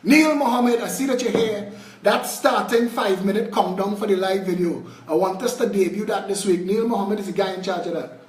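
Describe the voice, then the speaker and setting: A fiery Trinidadian man delivers a political speech in a high-pitched voice, swinging from shouts down to low mutters. He sounds set back from the mic in a roomy, echoey space. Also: fairly quick, far from the mic. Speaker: political party leader. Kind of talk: impassioned live video address.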